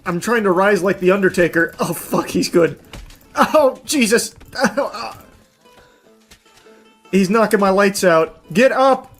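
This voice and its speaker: A high-voiced man shouts and curses through a let's-play session, then drops into dry, low asides. He talks slowly and drawn out between outbursts, with soft game music underneath. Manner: excitable, yelling and swearing at the game. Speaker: gaming video host.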